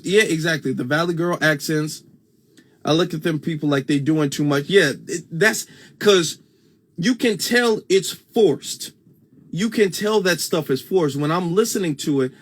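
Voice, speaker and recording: A man's voice: a little high, fairly bright tone. A man hosting a casual livestream commentary, talking conversationally, repeating his points and reading comments aloud. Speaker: host.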